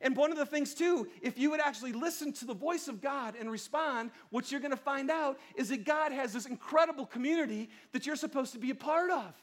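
A man preaching a casual, conversational sermon, chatty and lively with playful asides. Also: very high-pitched, brisk, few pauses. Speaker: pastor.

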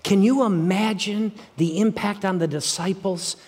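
A middle-aged man preaching a sermon as pastor, energetic and animated, dropping to hushed passages at times. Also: sits high, a little slow.

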